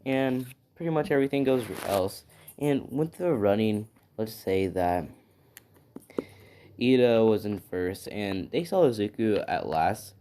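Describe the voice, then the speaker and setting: A man's voice: on the low side, lively intonation, measured pace, mellow, a little hiss or hum. A man at home casually retelling a fan story, rambling with fillers and asking "right?" along the way. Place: at home with his dog.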